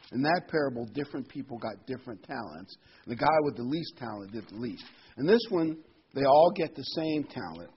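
A man's voice: medium pitch, slightly rough. A man preaching a conversational sermon, reading scripture and adding casual asides. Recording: dull lo-fi recording.

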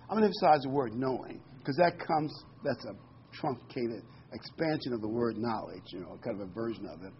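A man's voice: mid-range voice, animated, normal speed, slightly rough, dull audio. Earnest male preacher teaching scripture. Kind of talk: sermon.

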